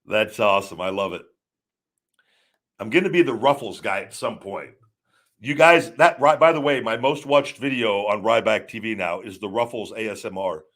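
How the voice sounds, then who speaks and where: A man in his forties hosts a live stream in a loose, rambling way, circling back and correcting himself as he talks. His voice sits a little low, and he chats with the audience casually. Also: normal speed, fairly bright tone. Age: 40s. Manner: rambling, self-correcting storytelling. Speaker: show host.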